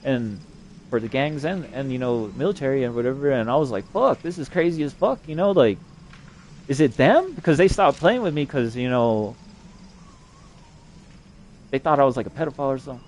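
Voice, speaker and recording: With a mid-range, slightly mellow voice, a young adult man talks animatedly and fairly quickly, though he leaves long pauses. He spins a long, rambling, profane yarn, crude and full of swearing and fillers.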